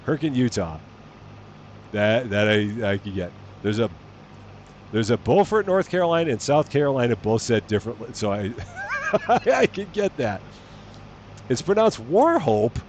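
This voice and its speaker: A man's voice: medium pitch, big pitch swings, unhurried, long pauses, a little hiss or hum. A man casually chatting while streaming a farming game, playful and given to wondering aloud. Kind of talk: casual live gameplay commentary.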